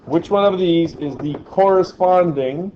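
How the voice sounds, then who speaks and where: A man's voice: high-pitched, a little slow, muffled recording, a little hiss or hum. Man teaching a physics class. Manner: chatty, asks the class questions. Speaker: science teacher.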